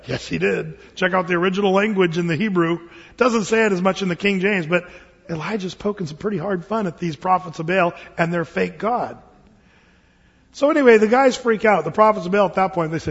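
Husky, high-voiced preacher man. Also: brisk. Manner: conversational, humorous storytelling. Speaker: pastor. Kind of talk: sermon. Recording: reverberant hall, dull lo-fi sound.

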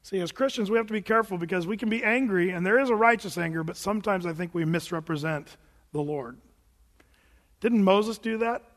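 A man's voice: high-pitched, fairly quick, big-room sound. A male pastor preaching a sermon from the front of a church, conversational and prone to restarting his phrases.

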